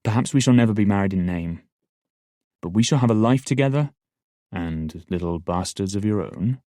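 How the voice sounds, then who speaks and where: Man playing a hot-headed young man, earnest and pleading, deep-voiced; audiobook. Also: lively intonation, normal speed, warm tone, dry recording, clean studio sound, lightly acted. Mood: heated. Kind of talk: audiobook dialogue.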